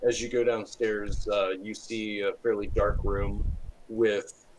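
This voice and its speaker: A man's voice: lowish voice, level tone, slow, rough recording. A man running a tabletop game as game master, narrating with many fillers and restarts.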